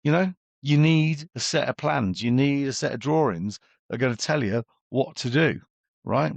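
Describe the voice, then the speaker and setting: Gravelly blunt business coach. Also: male voice, medium pitch, moderate pace, dry recording, muffled recording. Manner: blunt, chatty, acts out exchanges with clients. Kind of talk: podcast interview guest.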